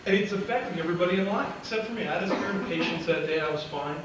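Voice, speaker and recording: A man gives a motivational talk from an auditorium stage, telling comic stories and acting out the other people's lines. His voice sits a little high, and it reaches the mic from a distance. The hall's strong echo and loud room noise surround every word. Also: racing. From Illinois. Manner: comic storytelling, acts out dialogue, laughs at his own jokes. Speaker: motivational speaker. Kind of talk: storytelling speech to a live audience. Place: large auditorium.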